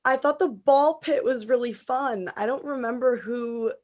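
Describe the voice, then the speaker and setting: A woman's voice: on the high side, moderate pace, a little mellow. A woman in her twenties co-hosting a casual podcast chat, retelling moments with lots of fillers. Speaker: podcast co-host.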